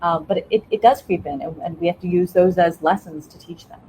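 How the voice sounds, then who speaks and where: A woman's voice: lowish voice, a little fast, dark tone, slight background noise, poor audio. A middle-aged woman, a former school principal, talking casually as a podcast guest and explaining a method step by step while checking in with her listener. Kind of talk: casual interview talk.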